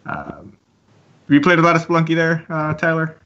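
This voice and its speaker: A man's voice: a little high, big pitch swings, a little fast, a bit bright, muffled recording. A man co-hosting a casual video game podcast, rambling with lots of fillers and laughs. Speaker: podcast co-host. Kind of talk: casual chat.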